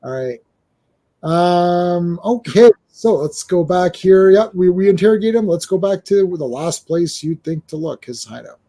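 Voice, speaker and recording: A man hosting a casual comic book chat, animated and often acting out dialogue. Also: sits high, a little slow. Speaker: podcast host.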